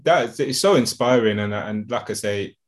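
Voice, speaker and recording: A man's voice: lowish voice, normal speed. A man hosting a podcast interview, supportive and affirming toward his guest. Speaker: podcast host. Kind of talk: interview conversation.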